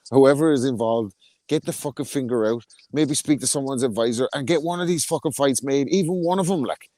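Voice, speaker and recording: A man's voice: mid-range voice, dark tone, dry recording. Blunt ranting male co-host, dead dry recording. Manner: blunt, ranting, heavy swearing. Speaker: podcast co-host. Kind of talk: casual banter.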